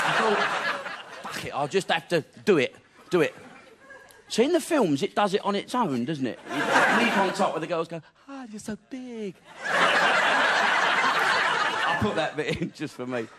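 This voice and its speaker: A male stand-up comedian tells a bawdy story, chuckling through his lines. His voice sits high and swoops all over, and loud noise sits under the recording. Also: sing-song, normal speed, pauses often. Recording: very noisy recording.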